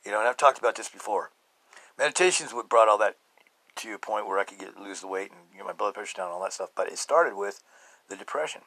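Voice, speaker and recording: A middle-aged man hosting a podcast, telling his own story emphatically and swinging between loud outbursts and low murmurs. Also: quick pace, no room sound, rough recording. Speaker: podcast host. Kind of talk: personal testimony monologue.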